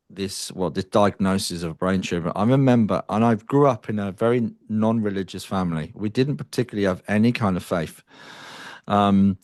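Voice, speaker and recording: Middle-aged man, low voice, dry close sound, reflective halting storytelling, interview guest. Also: darkish tone, no echo. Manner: reflective, with sighs and halting restarts. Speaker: guest psychic medium.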